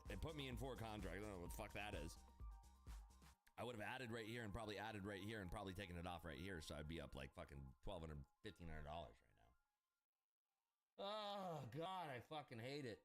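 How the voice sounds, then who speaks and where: A man streams his day trading and rants through it in a loose, profane, exasperated way. His pitch leaps and drops constantly, and steady music plays clearly behind him. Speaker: day trader streaming live. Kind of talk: casual live-stream commentary.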